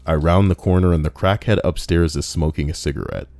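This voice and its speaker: With faint music playing behind him, a man with a deep, slightly mellow voice reads stories a little fast. He interrupts the reading with brash, profane rants that mock both the author and the listener.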